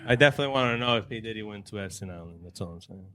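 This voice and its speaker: A man's voice: on the low side, very fast, pushed and bright, a little hiss or hum. A man co-hosting a podcast in casual chat, passing on gossip with lots of hedges like "supposedly". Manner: hedging gossip, repeats "supposedly". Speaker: podcast co-host.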